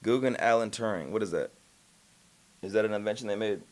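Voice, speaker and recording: A man livestreaming, telling a story in a rapid, emphatic way, swearing often and trailing off with filler sounds. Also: lowish voice, a little mellow. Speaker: streamer. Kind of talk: casual livestream storytelling and reacting.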